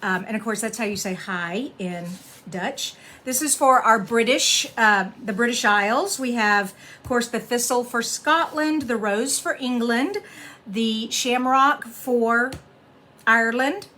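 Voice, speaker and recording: A middle-aged woman hosting a casual card-making tutorial, chatting warmly and laughing as she reads sayings aloud. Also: fairly high pitch, measured pace, a little hiss or hum.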